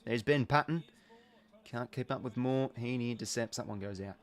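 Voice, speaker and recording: A man's voice: medium pitch, normal speed. Chatty Australian man commentating footy live. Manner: chatty, reads out viewer comments, filler-heavy. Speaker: live watch-along host. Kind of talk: casual live game commentary.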